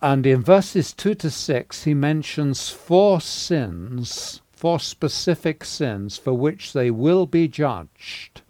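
Slow, measured male preacher. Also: a little high, animated, dark tone, dry recording. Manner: measured teaching with pauses and fillers, rising emphasis on key words. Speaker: preacher teaching on a Bible letter. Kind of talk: sermon.

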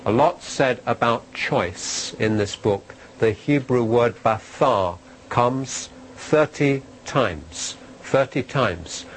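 A man's voice: medium pitch, animated, slow pace, few pauses, slight background noise, low-quality recording. A man giving a sermon-style Bible teaching to a live audience. He talks conversationally, asks his listeners questions, ends points with "okay?" and repeats key phrases for emphasis.

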